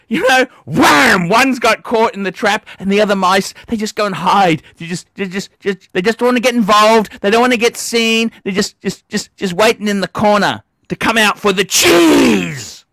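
A man hosting a livestream, ranting angrily with profanity and lots of repetition, shouting in bursts. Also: extremely high pitch, no echo, studio quality. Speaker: livestream host. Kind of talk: angry livestream rant.

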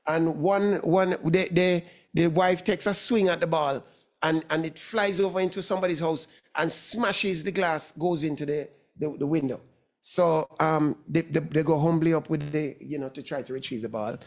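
Male talk host, high-pitched, animated, chatty, stumbling restarts. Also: moderate pace. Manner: animated, many restarts and repeated words. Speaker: radio sports talk host. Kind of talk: casual talk show chat.

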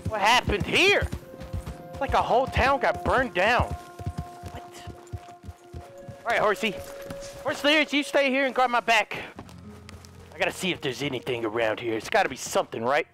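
A hoarse man giving excitable, casual let's-play commentary, cursing freely and chatting to his horse. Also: high-pitched, moderate pace, pauses often, faint music behind. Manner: excitable, swears often, talks to his horse. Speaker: gaming video host.

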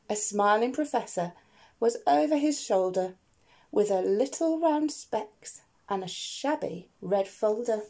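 A woman teacher reading a rhyming picture book aloud to children, expressive and playful, asking the listeners questions. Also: mid-range voice, measured pace.

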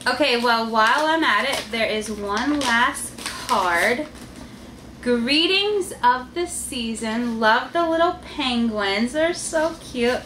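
A woman hosting a casual family unboxing vlog, gushing and excitable, often laughing as she reads cards aloud. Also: fairly high pitch, takes it slowly. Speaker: vlog host and mother. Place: family home with kids playing. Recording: echoey room with loud household noise.

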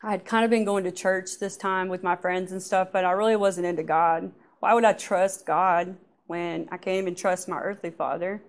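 A woman with a somewhat low voice shares her personal church testimony. She speaks haltingly and softly, and her sentences often trail off. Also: fairly even intonation. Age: adult.

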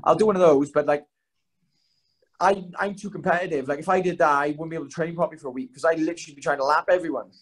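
A man's voice: a little high, fairly even intonation, rapid-fire. A young man, chatting as a podcast guest, telling rambling, self-mocking stories full of swearing. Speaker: guest, fighter. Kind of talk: casual podcast chat.

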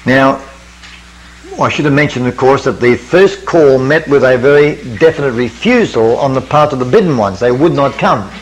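Older guy preaching a bible study at a camp meeting, measured and teacherly, keeps asking the crowd questions. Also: mid-range voice, low-quality recording. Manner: measured, questioning teacher, quotes scripture in King James wording.

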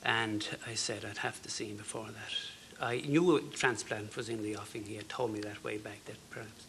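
An Irish man in his fifties, a talk show guest, telling a personal story in an earnest, halting way. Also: on the low side, fairly even intonation, gravelly, a little hiss or hum. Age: 50s. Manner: earnest, halting, with fillers and soft dropped phrases.

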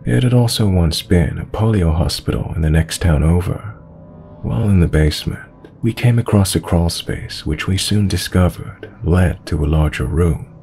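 Male horror narrator with a low, gravelly voice and a calm, measured read. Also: faint music behind. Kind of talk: scripted horror story narration.

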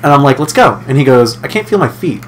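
A man's voice: medium pitch, lively intonation, fast talker, a bit bright, a little hiss or hum. Young man telling a rambling story. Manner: rambling storyteller, acts out family quotes with laughs. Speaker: podcast co-host. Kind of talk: casual chat, storytelling.

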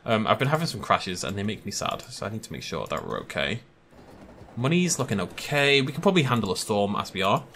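Brief: young gaming commentator, animated delivery, bright and forceful, chatty and self-amused. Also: male voice, on the low side, brisk, a little hiss or hum. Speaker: gaming YouTuber. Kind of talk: casual gameplay commentary.

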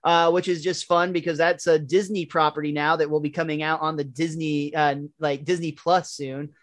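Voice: medium pitch, flat delivery, moderate pace, no echo. A podcast host casually recapping a cartoon episode, rambling with fillers and restarts.

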